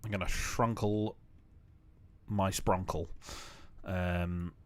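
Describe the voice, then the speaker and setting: A man's voice: low voice, steady tone, drawn-out words. A young man who develops games, streaming casually as he works and keeping up a joking, rambling self-talk full of fillers. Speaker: game developer streaming his work. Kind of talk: casual live-stream commentary while building.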